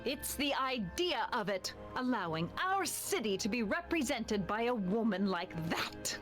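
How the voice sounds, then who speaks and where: Prudish reformer, stern, disapproving, lively pitch, game music. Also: female voice, unhurried. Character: prim, prudish older woman reformer. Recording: game audio with music bed.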